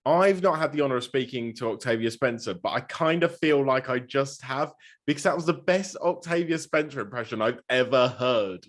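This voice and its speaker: A man's voice: mid-range voice, moderate pace. Man, interviewer, casual chat, playful, teasing jokes. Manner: playful, joking.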